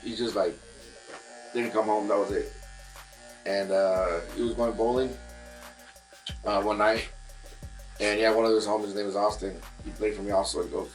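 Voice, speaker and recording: A man's voice: fairly low pitch, fairly even intonation, moderate pace, long pauses, soft background music, rough recording. A man, a guest musician in casual chat in a barbershop, telling a long story with many fillers and restarts.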